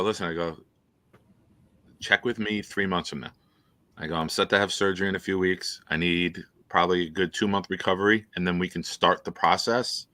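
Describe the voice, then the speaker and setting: A man's voice: low voice, pushed and bright, dry recording. A man hosting a casual chat show, telling rambling stories and laughing often. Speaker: host.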